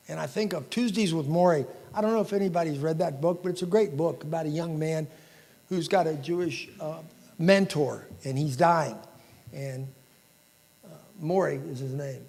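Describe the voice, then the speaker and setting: A man's voice: a little high, moderate pace, vocal fry, darkish tone. A man giving an emotional, inspirational banquet keynote speech, quoting famous sayings. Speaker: keynote speaker. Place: large banquet hall. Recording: reverberant hall.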